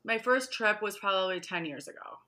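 A woman's voice: mid-range voice, expressive, brisk, sharp tone. A woman guest in casual interview chat, talking in a chatty way, laughing often and acting out quotes. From Michigan, USA.

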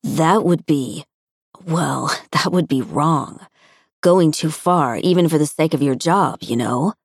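A woman narrator voicing a soft-spoken young man, a tender stepbrother who talks in a husky murmur. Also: sits low, slow pace, no echo, clean studio sound, heavily acted. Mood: reassuring.

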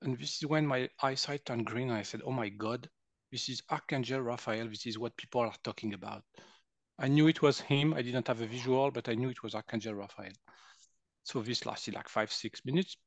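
A man's voice: medium pitch, fairly quick, dry recording. A man in his fifties from France with a French accent, a guest energy healer animatedly telling personal stories and acting out quotes. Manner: animated, acts out quotes, laughs often. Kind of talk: personal storytelling in conversation.

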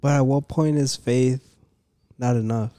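A young man in casual chat, relaxed, mixing Spanish into his English while he argues his point. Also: mid-range voice, a little slow, dry recording.

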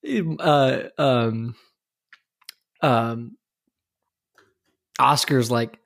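A man's voice: mid-range voice, animated, unhurried. A man in casual chat, laughing as he acts out lines from favorite sitcom scenes.

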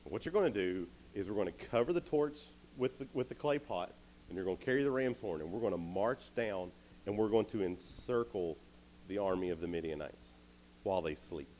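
A man's voice: fairly low pitch, expressive, fairly quick, a little mellow, slight background noise, natural voice. Man playing Gideon, casual commander. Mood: commanding. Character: bold male army leader giving orders.

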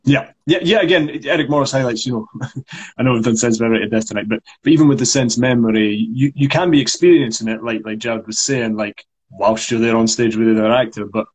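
A man's voice: mid-range voice, fast talker, breathy edge. A man with a Scottish accent, co-hosting a casual chat about acting and talking with lots of fillers. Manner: chatty, frequent fillers and repeated yeahs. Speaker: acting coach co-host. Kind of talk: casual live discussion.

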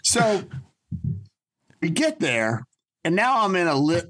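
A man telling stories in a casual chat as a podcast guest, animated, laughing often and swearing casually. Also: high-pitched, slow. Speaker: podcast guest, business owner.

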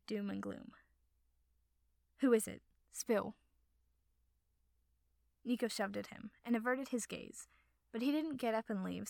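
A woman narrating a story calmly and evenly, recorded on a close mic. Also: mid-range voice, vocal fry, no room sound. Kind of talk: audiobook fan fiction reading.

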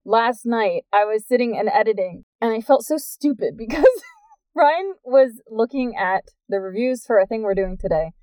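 A woman's voice: on the high side, lively intonation, moderate pace, warm tone, no room sound. A woman co-hosting a podcast in casual chat, bubbly and laughing often. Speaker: podcast co-host.

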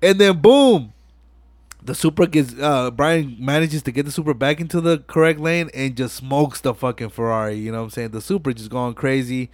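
A young man talks through a movie on a casual podcast, acting out each line of dialogue as he goes. His voice sits in an ordinary middle pitch, and he curses freely as he tells it. The sound is dry and close, with no room echo. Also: moderate pace. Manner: animated retelling, acting out movie dialogue with heavy profanity. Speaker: podcast host. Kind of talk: casual chat.

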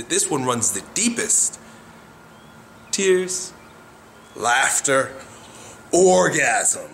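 A man's voice: on the high side, fairly bright tone, slight background noise. A man giving frank, profane coaching talk about the body, blunt and demonstrative.

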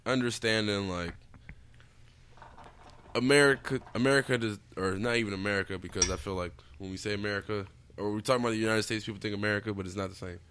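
Animated man on a casual podcast. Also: lowish voice, fast, a little hiss or hum. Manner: animated, profane, loose banter. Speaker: podcast co-host. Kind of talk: casual chat.

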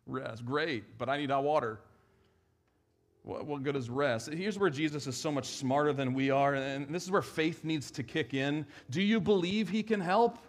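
A man preaching a sermon in church, talking conversationally and swinging from emphatic, raised lines to quiet, hushed ones. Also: a little high, measured pace. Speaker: pastor.

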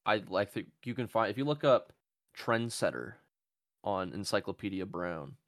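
A man hosting a casual comedy podcast. He rambles from joke to joke and swears freely. His voice sits low, and the recording is dry and close. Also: expressive, normal speed, dry recording. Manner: profane, joking, rambling. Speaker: podcast host.

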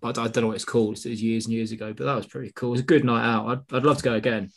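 A man's voice: mid-range voice, little pitch movement, rapid-fire. A man chatting casually with his friends in an easygoing way. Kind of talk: casual chat among friends.

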